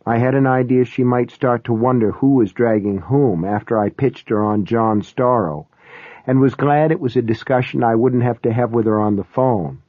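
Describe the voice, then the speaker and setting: A man reading a first-person novel aloud in a wry, measured way. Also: medium pitch, no room sound. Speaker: audiobook narrator. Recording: tinny, phone-like, dry.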